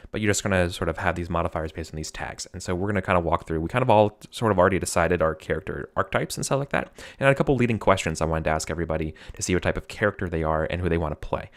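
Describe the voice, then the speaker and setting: Low-pitched American man, chatty game master hosting a stream, rambles and laughs easily. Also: a bit bright. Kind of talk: casual live-stream game intro.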